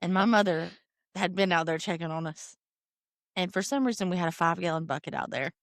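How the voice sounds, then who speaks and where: A woman co-hosting a podcast, telling a story in a casual, animated way and laughing often. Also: on the low side, brisk, no echo, clean studio sound. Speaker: podcast co-host.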